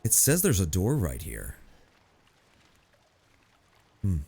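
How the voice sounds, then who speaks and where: A man's voice: low-pitched, huge pitch swings, slow pace, dark tone, soft background music. A young man giving casual, joking commentary while playing a video game at home. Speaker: gameplay commentator. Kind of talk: casual let's-play commentary.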